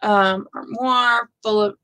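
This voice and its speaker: A woman's voice: mid-range voice, steady tone, slow pace, bright, forceful tone, poor audio. A woman hosting a casual live stream, thinking aloud and gushing with frequent exclamations. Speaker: host of a live stitching show.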